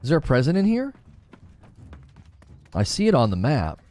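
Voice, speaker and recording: A man's voice: mid-range voice, wildly swooping pitch, normal speed, a little mellow. A man streaming a game, chatting casually with his viewers, self-mocking and restarting often. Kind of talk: casual livestream chat while playing.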